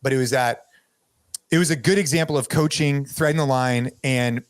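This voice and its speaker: A middle-aged man hosting a podcast, telling a story in a casual, animated way, with lots of "dude" and "like". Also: mid-range voice, normal speed, no room sound. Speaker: podcast host.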